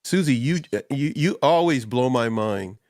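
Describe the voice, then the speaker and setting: An easygoing man co-hosting a relaxed talk show from a video call. His voice sits at an ordinary middle pitch and sounds dry and close, with almost no room around it. He jokes around and laughs easily between thoughts. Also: moderate pace, dry recording. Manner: easygoing, jokey, laughs often. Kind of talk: casual chat.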